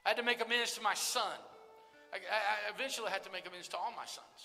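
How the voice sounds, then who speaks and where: An older man giving an earnest testimony sermon, with loud stresses and hushed lines, speaking straight to the crowd. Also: high-pitched, quick pace. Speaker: recovery ministry speaker. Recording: live hall recording with reverb and faint music.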